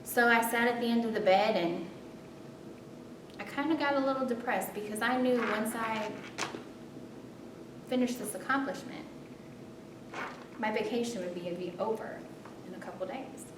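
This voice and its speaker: Woman telling a story in a roomy space. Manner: animated, self-mocking, dramatic pauses. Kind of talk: personal storytelling. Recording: roomy distant mic with rumble.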